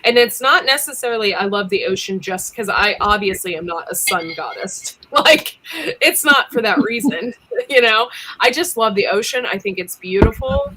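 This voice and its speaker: A chatty woman hosting a casual livestream, giggling often and leaning on ums between thoughts. Her voice is bright and forward, sitting in an ordinary middle pitch. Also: big pitch swings, moderate pace, a little hiss or hum. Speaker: livestream co-host.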